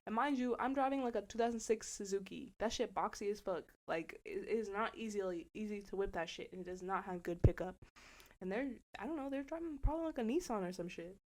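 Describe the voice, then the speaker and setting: A young woman on a casual podcast, telling a story with animated energy. She acts out each person's lines and swears freely, speaking at a middle pitch. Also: fast talker. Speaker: podcast co-host.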